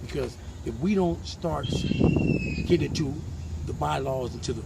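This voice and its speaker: A man's voice: on the high side, normal speed, creaky. A man speaking intensely in an outdoor interview, his voice rising into emotional outbursts. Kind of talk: impassioned street interview. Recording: outdoor street noise.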